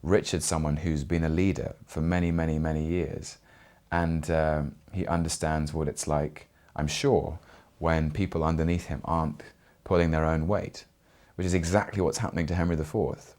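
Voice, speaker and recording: A young man from Britain, an actor speaking in an interview, earnest and reflective with frequent pauses. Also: a bass voice, level tone, a little mellow.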